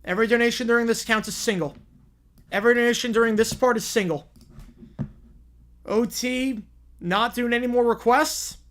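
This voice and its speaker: A man's voice: extremely high pitch, normal speed, long pauses, a bit bright. A man hosting a live stream, chatting casually and rambling, often repeating himself. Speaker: streamer host.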